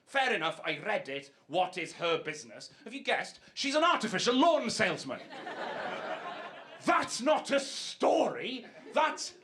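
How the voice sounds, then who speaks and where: A man's voice: sits high, very animated, unhurried, sharp tone. A man with a Welsh accent doing wry, exasperated stand-up comedy on a club stage. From Wales. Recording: live club recording, audience noise.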